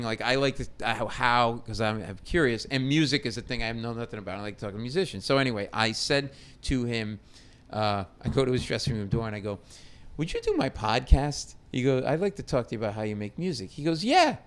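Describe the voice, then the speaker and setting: A middle-aged man, a comedian, telling a story on a talk show. He is animated and acts out the voices in his story with loud bursts. His speech is casual and quick to shift. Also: mid-range voice. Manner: animated, acts out quotes loudly. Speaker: comedian guest. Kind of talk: storytelling chat.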